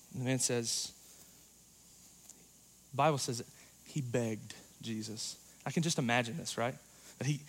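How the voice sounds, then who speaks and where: A man preaching a sermon in a dynamic, conversational way, swinging between loud passages and hushed ones. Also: medium pitch. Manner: conversational, uses "like" and "you know".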